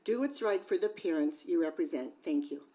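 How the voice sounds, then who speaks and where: A woman's voice: low voice, animated, fairly quick, very noisy. A woman reading a prepared public comment at a school board meeting, asking a series of pointed questions into a podium microphone. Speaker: parent speaking at public comment.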